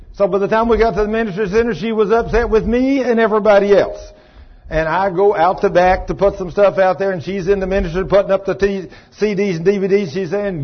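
Preacher guy telling stories in a sermon, kinda husky, higher voice, muffled lo-fi recording. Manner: folksy, colloquial, animated preacher. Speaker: pastor. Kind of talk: folksy sermon with storytelling.

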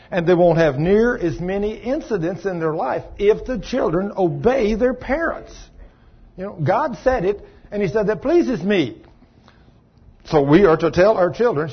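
A man preaches in a folksy, colloquial way, with lively storytelling. His voice sits a little high and has a husky edge. The recording is dull and lo-fi. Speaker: pastor.

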